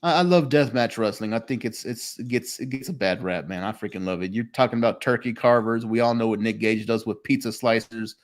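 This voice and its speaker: A man's voice: lowish voice, steady tone, a little fast, few pauses. A man hosting a casual podcast chat, swearing freely and telling stories with lots of laughter. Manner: profane, storytelling, laughing often. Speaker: podcast host. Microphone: phone call.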